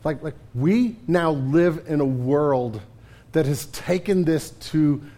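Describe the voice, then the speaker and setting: A middle-aged man preaching a sermon as pastor, animated, with stammering restarts and swings between loud and hushed delivery. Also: a little high, slow.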